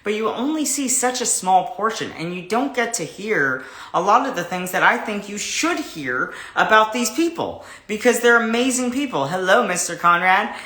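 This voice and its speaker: A man hosting a livestream, greeting viewers and chatting in a rambling, animated way before an interview. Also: high voice, normal speed, roomy sound. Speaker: host. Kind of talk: casual livestream chat.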